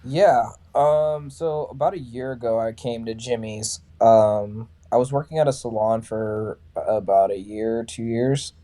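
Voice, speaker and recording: A man's voice: medium pitch, unhurried, hardly any pauses. A man in his thirties, a metal singer and barber from California, telling stories casually in an interview and acting out what other people said. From Sacramento, California. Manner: animated, acts out other people's lines. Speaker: metalcore band vocalist and barber. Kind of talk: casual storytelling in a podcast interview.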